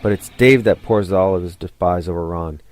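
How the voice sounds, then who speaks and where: A man giving scripted documentary narration in a steady, measured way. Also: deep voice. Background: music.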